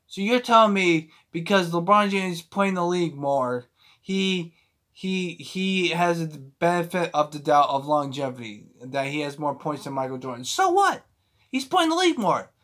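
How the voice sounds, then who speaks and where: A man with a somewhat high-pitched voice delivers a heated, profane rant straight to the camera. He sounds agitated and keeps circling back, repeating and restarting phrases as he pushes his point. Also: fairly bright tone. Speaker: sports fan vlogger.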